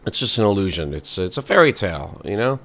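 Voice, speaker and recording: A man's voice: fairly low pitch, very animated, quick pace, gravelly, fairly bright tone. A man hosting a podcast in a rambling, sardonic comic monologue full of fillers. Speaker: podcast host.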